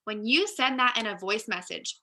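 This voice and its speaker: A woman's voice: on the high side, lively intonation, moderate pace, pushed and bright. A woman giving a casual training talk to her team, chatty and direct, often saying "like" and "you guys". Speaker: team leader.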